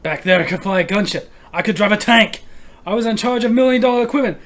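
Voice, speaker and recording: A man voicing a shouting, haunted male war veteran in anguished outbursts. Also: high voice, expressive, fast. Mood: furious.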